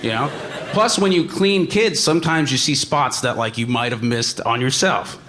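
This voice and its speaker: A young man doing stand-up with a deadpan, halting delivery full of small pauses. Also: mid-range voice, a little hiss or hum. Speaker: stand-up comedian. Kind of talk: stand-up routine.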